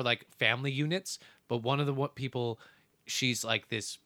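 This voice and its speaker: A man's voice: mid-range voice, sharp tone, no echo. A man co-hosting a casual podcast, chatty and filling his talk with "like". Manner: chatty, heavy use of "like". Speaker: podcast co-host.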